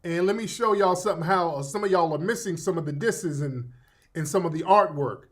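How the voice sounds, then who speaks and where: A man's voice: a little high, fairly quick. A middle-aged man hosting an online radio show, talking loosely and directly to his viewers in casual commentary.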